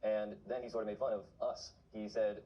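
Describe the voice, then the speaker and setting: Fast-talking man urging viewers on. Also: lowish voice, level tone, dull audio, a little hiss or hum. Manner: urgent, exhorting. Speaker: vlogger on remote viewing. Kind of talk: casual talk to camera.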